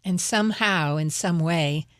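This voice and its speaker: A woman's voice: on the low side, measured pace, no echo. A woman hosting a radio studio interview, asking playful, teasing questions.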